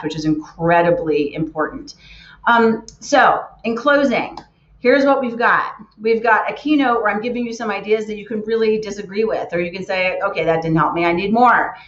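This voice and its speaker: Woman keynote speaker, earnest and emphatic, lowish voice, muffled recording. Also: fairly bright tone. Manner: earnest, emphatic with repeated words. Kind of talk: motivational talk. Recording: roomy, muffled lo-fi sound.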